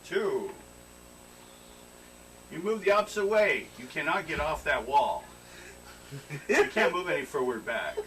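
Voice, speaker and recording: A man's voice: on the high side, big pitch swings, measured pace, long pauses, fairly bright tone. Man running a tabletop game. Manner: casual, laughing, directing players to roll dice. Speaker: game master. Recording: noisy room recording from a distance.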